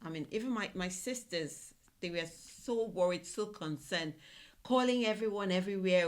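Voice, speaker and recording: A woman from Nigeria with a very low voice, co-hosting a podcast. She gives fervent, encouraging advice in casual talk, leaning on faith. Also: animated, moderate pace. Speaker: podcast co-host. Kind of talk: casual chat.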